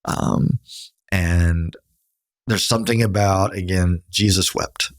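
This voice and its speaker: A man's voice: fairly even intonation, takes it slowly, no room sound, clean studio sound. A middle-aged man co-hosting a podcast, giving earnest, coaching advice on grief in a conversational way. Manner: earnest, coaching, quotes people in a higher voice. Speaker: podcast co-host, counselor.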